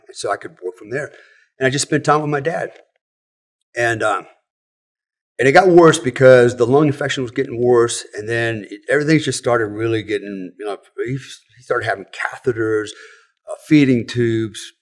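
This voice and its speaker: A middle-aged American man, a former special forces operator, telling a personal story in casual conversation, frank and profane, with many "you know"s and "right?"s. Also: mid-range voice.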